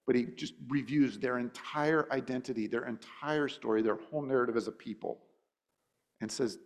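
A man preaching in a conversational way, thinking aloud with frequent restarts and fillers, and acting out quotes in animated voices. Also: normal speed. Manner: acts out quotes with sudden high, animated voices. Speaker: pastor. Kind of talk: conversational sermon.

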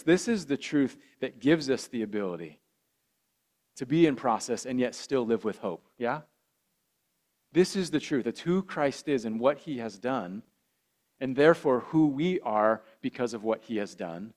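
A man, a pastor preaching a sermon with earnest repetition that swells louder on key phrases. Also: medium pitch, lively intonation, unhurried. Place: church.

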